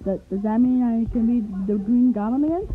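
A woman plays a dim-witted male goblin villain who stammers and whines through every answer, in a fan cartoon. The voice sits a little high and comes through a thin, phone-like recording. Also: a little fast, natural voice. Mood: whiny. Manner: hesitant, stammering, whiny. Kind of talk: fan animation voice acting. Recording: tinny lo-fi home recording.

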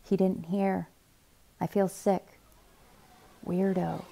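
A woman reading a young adult novel aloud in a quiet, measured first-person narration. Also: on the low side. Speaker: reader.

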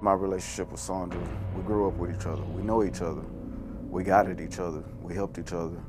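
Low-voiced man pleading his side. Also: steady tone, quick pace. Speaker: guest telling his side. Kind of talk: interview confessional. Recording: music bed underneath.

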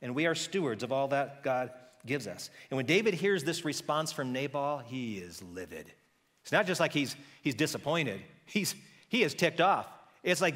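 A man preaching a sermon as pastor, telling a story in a lively conversational way and acting out the characters' voices. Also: on the high side, normal speed, in a large hall. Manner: conversational with frequent restarts.

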